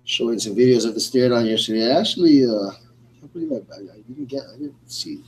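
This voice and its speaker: A man's voice: mid-range voice, lively intonation, quick pace, a little mellow, slightly rough, rough recording. A man co-hosting a live fight-night radio show, chatting casually in a rambling way with many fillers. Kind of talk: casual play-by-play chat.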